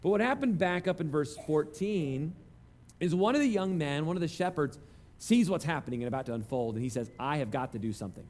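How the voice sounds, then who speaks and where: A man's voice: on the high side, expressive, a little fast, darkish tone. A man preaching a conversational sermon, telling self-deprecating stories. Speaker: pastor.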